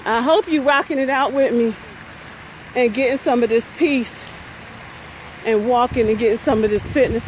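A woman's voice: fairly high pitch, normal speed, long pauses, slight background noise, rough recording. A middle-aged woman, live-streaming from her phone while out on a walk, upbeat and chatty and short of breath. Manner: upbeat, chatty, cheering herself on. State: out of breath from walking. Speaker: investment coach and vlogger. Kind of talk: live-streamed walking vlog. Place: outdoors on a walking path by a pond.

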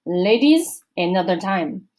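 A smug teenage boy charms the room in a smooth, self-satisfied way. A woman puts him on while reading a storybook aloud. He stays close to the reader's own voice. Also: fairly low pitch, very animated, slow pace, darkish tone.

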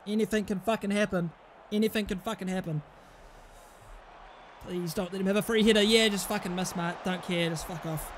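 A man's voice: sits high, fairly even intonation, fairly quick, long pauses. A young man reacting to a football manager game, swearing constantly and swinging from panic to screaming joy. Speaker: gaming YouTuber. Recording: faint background noise.

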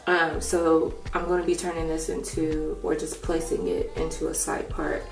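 A young woman vlogging a hair tutorial at home in a casual chat, thinking out loud and rambling, with her morning voice still on. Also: low-pitched, little pitch movement, normal speed, distant mic. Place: room at home. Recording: echoey room, off-mic, faint music.

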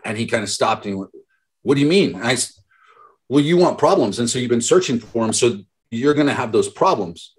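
A man's voice: mid-range voice, animated, fairly quick, husky. A man in his thirties, a business mentor, telling stories in a motivational talk to a group call and acting out the voices of the people he quotes. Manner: storytelling, acts out quoted voices.

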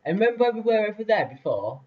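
A man's voice: high-pitched, very animated, quick pace. A young man casually commentating a building game, rambling with lots of fillers and laughs. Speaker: let's play host. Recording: distant lo-fi mic.

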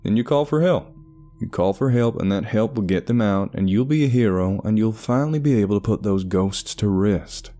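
A man voicing a calm male therapist in a horror story, speaking in a reassuring, gently insistent way. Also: on the low side, moderate pace, voice pushed up, close to an everyday voice.

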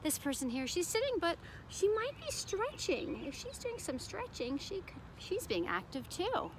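Woman teacher reading a kids book out loud, high and bouncy, asks the kids lots of questions, faint noise behind. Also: huge pitch swings, normal speed. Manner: sing-song, asks children questions. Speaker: preschool teacher. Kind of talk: reading a picture book aloud to children.

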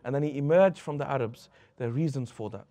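A man's voice: mid-range voice, fast talker, mellow. A man teaching a religious lesson who tells stories, acts out the anecdotes and mixes Arabic phrases into his English. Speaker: Islamic teacher.

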